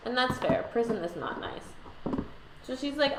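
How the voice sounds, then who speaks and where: High-voiced and expressive, this woman vlogger narrates history at a normal speed with long pauses, casual and sarcastic, full of "like" and profanity. Background noise is audible, and the room echoes.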